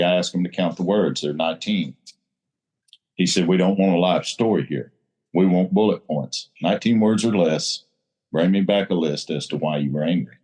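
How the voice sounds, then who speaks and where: A deep, low-pitched man speaks at a recovery group meeting. He is blunt and salty and drives his points home with a preacher's emphasis. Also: darkish tone. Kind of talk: casual recovery group talk.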